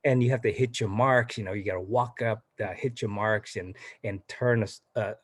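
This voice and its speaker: Husky, low-voiced man chatting in an interview. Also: fairly even intonation, normal speed, no echo. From southern Vietnam. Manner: chatty, many fillers and restarts. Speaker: actor guest. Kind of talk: casual interview chat.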